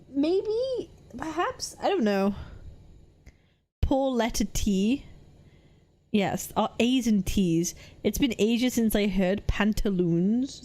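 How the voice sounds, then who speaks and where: A woman's voice: medium pitch, warm tone. A young British woman chatting casually on a live stream, rambling and self-deprecating, often repeating herself. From Britain.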